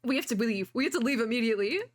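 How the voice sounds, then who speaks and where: A young woman giving casual reaction commentary as a VTuber, gushing and excitable, talking to herself as she watches. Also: fairly high pitch, very fast, dry recording, clean studio sound. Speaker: VTuber reacting to an animated short.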